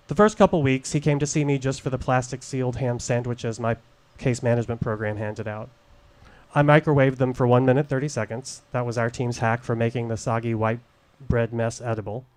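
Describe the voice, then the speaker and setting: A middle-aged man telling a candid personal story at a live showcase, deliberate and wry, into a stage microphone. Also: medium pitch. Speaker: storyteller, former case manager.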